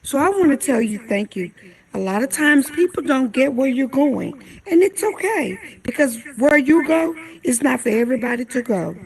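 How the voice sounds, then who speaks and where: Earnest woman with a gravelly edge. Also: sits high, sing-song, normal speed, low-quality recording. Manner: earnest, encouraging. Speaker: coach.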